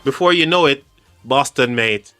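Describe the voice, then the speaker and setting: A man's voice: mid-range voice, normal speed, sharp tone, clear, resonant tone, no room sound, faint music behind. A man hosting a casual livestream, reading chat aloud and laughing often. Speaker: livestream host.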